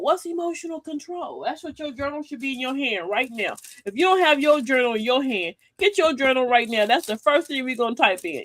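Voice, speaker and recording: A woman's voice: high voice, a bit bright, no room sound. A middle-aged woman hosting a casual livestream talk, folksy and sassy, preaching advice and laughing often. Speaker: livestream host.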